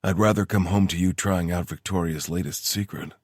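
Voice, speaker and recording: Man reading a joking soldier, deep voice, husky, dry deadpan banter. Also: a little fast, dry recording. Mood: wry. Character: wry soldier, joking with his lover.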